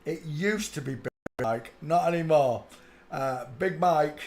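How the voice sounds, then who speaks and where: A man's voice: a little high, measured pace, a little mellow. A man from England with a Northern English accent, hosting a casual livestream and chatting, humming and muttering to himself while he works. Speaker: livestream host.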